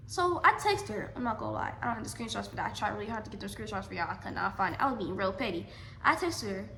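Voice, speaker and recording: Bright, high-voiced woman telling a story. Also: animated, quick pace, creaky, reverberant, slight background noise. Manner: emphatic, repeats lines, addresses viewers as y'all. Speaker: vlogger. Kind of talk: storytime vlog.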